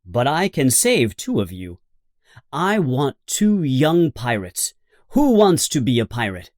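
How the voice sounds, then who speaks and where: A man voicing a cruel male pirate captain who speaks slowly and mockingly in an audiobook reading. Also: mid-range voice, very animated, darkish tone, no echo, studio quality. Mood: scheming. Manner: slow, mocking, laughing.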